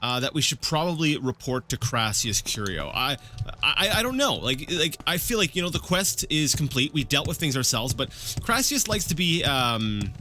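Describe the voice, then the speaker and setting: Let's play host, male, lively bright voice, meandering unscripted commentary over faint game music. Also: on the high side, moderate pace. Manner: rambling, thinking aloud with many fillers. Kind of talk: casual gameplay commentary.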